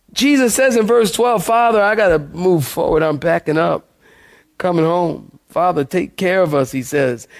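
A male pastor giving a lively sermon, with big swings in volume and pace. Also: high-pitched. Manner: animated preaching with shifts in volume and pace.

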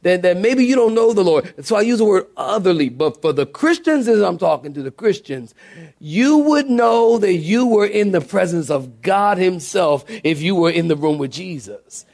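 A man preaching a sermon live in church as a pastor, animated, acting out quoted voices with many fillers. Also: high-pitched, normal speed, gravelly.

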